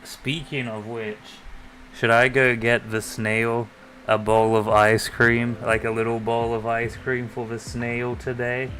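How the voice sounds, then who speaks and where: A man chatting quietly on a live stream, keeping his voice soft because of a sore throat. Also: medium pitch, flat delivery, takes it slowly, slight background noise. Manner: soft-spoken, near-ASMR quiet talk. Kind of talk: casual stream chat. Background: faint lo-fi music.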